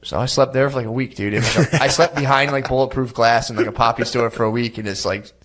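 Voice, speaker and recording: A man's voice: medium pitch, fairly even intonation, fast. A man on a podcast telling a crude story in a loose, rambling way, calling everyone "dude" as he goes. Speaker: podcast guest. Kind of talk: casual storytelling chat.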